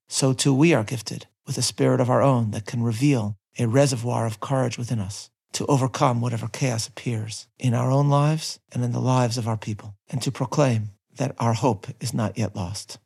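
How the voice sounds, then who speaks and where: A man, likely a rabbi, giving a measured, earnest sermon and quoting scripture in Hebrew. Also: mid-range voice, vocal fry, a little mellow, breathy edge. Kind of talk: sermon reading.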